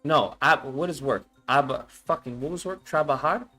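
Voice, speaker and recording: A man's voice: fairly high pitch, normal speed, sharp tone, soft background music. A man streaming casually as he follows a language lesson, thinking aloud, repeating words and swearing often. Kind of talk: casual live-stream chat.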